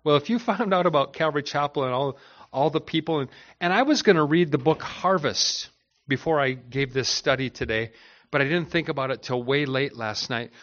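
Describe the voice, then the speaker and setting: A man's voice: a little high, brisk, a bit bright, muffled recording. A man teaching a Bible study as a pastor, talking in a conversational way with frequent restarts and repeated words.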